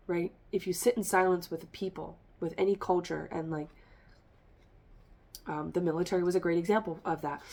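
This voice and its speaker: A woman's voice: lowish voice, gravelly. A woman giving a rambling, emphatic tarot reading, speaking straight to her listeners, a little congested. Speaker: tarot reader. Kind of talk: spiritual reading monologue.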